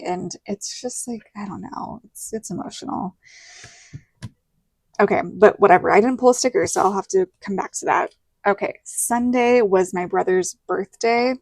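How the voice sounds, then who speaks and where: A woman's voice: medium pitch, darkish tone, no echo. Chatty Southern woman in her thirties. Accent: Southern American. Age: 30s. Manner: chatty storytelling with lots of likes and quoted dialogue. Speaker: planner vlogger. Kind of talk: casual chat while decorating a planner.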